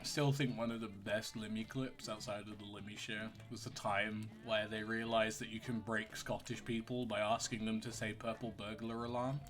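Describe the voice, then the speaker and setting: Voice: mid-range voice, flat delivery, normal speed, hardly any pauses, fairly bright tone, soft background music. A streamer chatting casually during a livestream, giggly and rambling. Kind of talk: casual gaming livestream chat.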